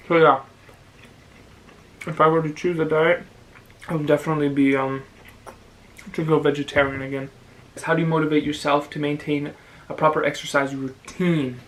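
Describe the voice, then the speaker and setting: A young man from Canada, a vlogger, chatting casually and giving advice, pausing now and then to chew. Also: on the high side, low-quality recording. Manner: relaxed, chatty, with pauses to chew. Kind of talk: casual chat while eating.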